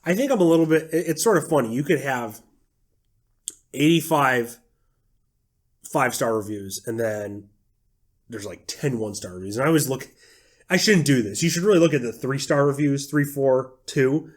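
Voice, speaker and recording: A young man rants on a casual podcast, sarcastic and quick to swear. His voice sits at an ordinary middle pitch for a man. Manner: ranting, sarcastic, swears freely. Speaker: podcast co-host. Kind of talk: casual chat.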